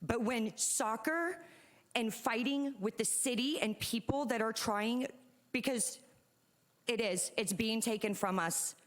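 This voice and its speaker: A woman's voice: fairly high pitch, slow. A woman speaking as a mother at a city commission meeting's public comment, earnest and struggling to keep her emotions in check, at a podium microphone. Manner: earnest, holding back emotion. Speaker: parent and youth soccer club staff speaking at public comment.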